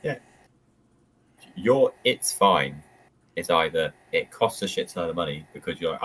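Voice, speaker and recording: A man's voice: low-pitched, moderate pace, a little hiss or hum, rough recording. A young man, co-hosting a podcast and making dry, teasing remarks in a casual chat. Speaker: podcast co-host.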